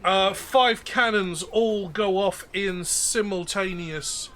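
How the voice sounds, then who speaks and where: A man's voice: high-pitched, slow pace, noisy background. A man narrating as game master at a tabletop game, chatty and joking with fillers.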